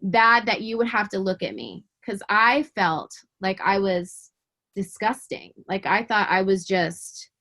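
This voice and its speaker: Woman, interview guest, faith testimony, emotional, halting, repeats words, earnest, mid-pitched. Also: expressive, pushed and bright. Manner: fervent and earnest. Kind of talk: personal faith testimony in conversation.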